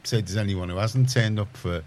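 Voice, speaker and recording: A man's voice: on the low side, brisk, a little mellow, slight background noise. A man with a Liverpool accent hosting a community radio chat show, rambling and chatty with many restarts. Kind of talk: casual studio chat.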